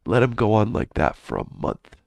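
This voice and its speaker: A man's voice: on the low side, huge pitch swings, normal speed, creaky, no echo, studio quality. A man hosting a live trading stream, chatting casually and with plenty of swearing, often mumbling in a half-whisper.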